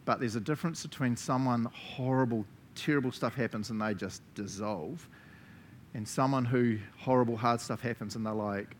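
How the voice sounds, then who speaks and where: A man with a New Zealand accent preaching a sermon as pastor, animated, laughing often and checking in with listeners with frequent "right?". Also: medium pitch, moderate pace, a little hiss or hum.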